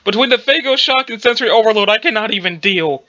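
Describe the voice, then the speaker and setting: A man voicing a hungover, sarcastic young alien girl, with a drowsy, pained, slow whine. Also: sits high, lively intonation, pushed and bright, dull audio. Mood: groggy.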